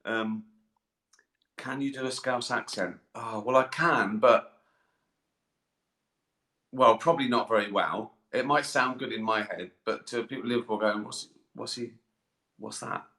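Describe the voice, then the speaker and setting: A middle-aged man rambles through fan questions on a live stream. He swears casually and pokes fun at himself, and his voice is bright and forward. The sound bounces around an echoey room. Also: on the low side, measured pace, pauses often. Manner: rambling, self-mocking, swears freely, laughs at himself. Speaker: comedian answering fan questions. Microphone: webcam or phone mic.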